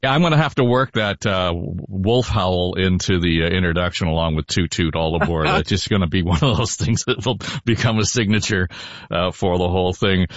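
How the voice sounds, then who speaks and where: Low-voiced podcast host. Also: male voice, a little fast, no echo. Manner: chatty, laughing, relaxed. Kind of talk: casual political chat. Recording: dull, dry.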